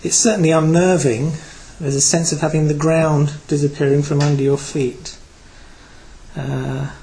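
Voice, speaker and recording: A man's voice: fairly high pitch, mellow, slight background noise, rough recording. A man from Britain giving a Buddhist talk to a group, reflective and hesitant, with many fillers. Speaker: Buddhist teacher.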